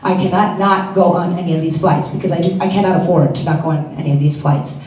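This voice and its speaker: A woman telling a comic personal story on stage, animated, acting out the scenes in quick bursts. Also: lowish voice. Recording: echoey hall, heard from a distance.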